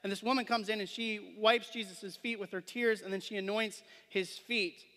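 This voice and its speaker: A man preaches in a church sanctuary, reading scripture aloud and then explaining it conversationally, often asking listeners questions and adding "right?" His high voice is pushed and bright, with fairly even intonation at a moderate pace, under long hall reverb.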